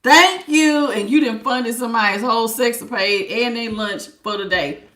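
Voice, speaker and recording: A woman with gives a loose, joking tarot reading, full of slang and quick laughs. Her voice sits a little high and comes across bright and forceful. The room around her adds a clear echo. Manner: animated, laughing, slangy and blunt. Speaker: tarot reader. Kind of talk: casual spiritual reading.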